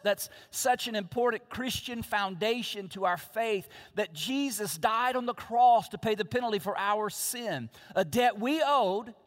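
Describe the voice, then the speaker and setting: A man preaching a sermon from the pulpit, emphatic and repeating his key phrases. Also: sits high. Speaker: pastor. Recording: long reverb of a large hall.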